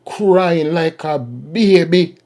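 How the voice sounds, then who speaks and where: A man's voice: a little high, drawn-out words, a little mellow. A man hosting a political commentary vlog and ranting in a mocking, repetitive way.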